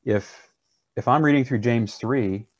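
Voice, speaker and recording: A man's voice: mid-range voice, unhurried, no room sound, muffled recording. A pastor, a man, teaching a seminar on preaching in an earnest, conversational way, often restarting his sentences.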